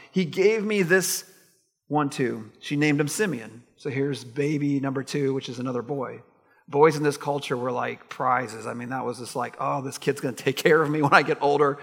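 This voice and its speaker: Husky-voiced man preaching in a reverberant hall. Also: a little high. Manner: conversational and animated, with asides to the congregation. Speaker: pastor. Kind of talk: sermon.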